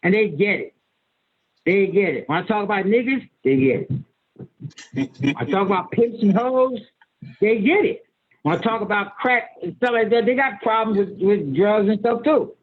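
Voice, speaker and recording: A man's voice: high-pitched, normal speed. A man in his sixties, an imam speaking as guest on a video call, talking emphatically in a folksy, repetitive way with stammered restarts. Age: 60s. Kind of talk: conversational lecture on a video call. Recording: tinny phone-like audio.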